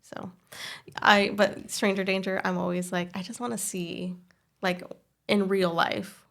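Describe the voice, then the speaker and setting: Thirties woman, podcast co-host, gravelly, mid-pitched, tells stories with energy. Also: measured pace. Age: 30s. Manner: animated storyteller, acts out voices in quotes. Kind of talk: casual chat.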